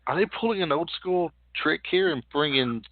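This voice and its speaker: A man's voice: fairly high pitch, normal speed, no room sound. A man hosting a casual recap chat, rambling and repeating himself as he talks things through. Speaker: podcast host. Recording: tinny phone-like audio with faint hiss.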